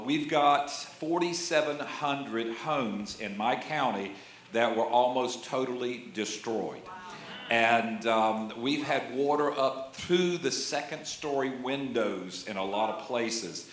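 A man's voice: medium pitch, slow, fairly bright tone. A man in his sixties preaching a sermon as a pastor, folksy and conversational, with jokes and frequent amens. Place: church sanctuary. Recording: roomy church echo.

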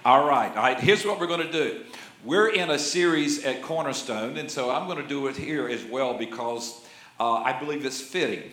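A man's voice: mid-range voice, normal speed, fairly bright tone. A man in his sixties preaching a sermon as a pastor, folksy and conversational, with jokes and frequent amens. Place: church sanctuary. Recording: roomy church echo.

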